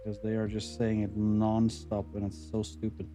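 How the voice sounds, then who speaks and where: A man's voice: on the low side, monotone, normal speed, warm tone, soft background music. A man from Norway with a Norwegian accent, chatting casually with his stream viewers in a rambling, chuckling way and drifting into mild rants. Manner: rambling, chuckling, mildly ranting. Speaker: livestreamer.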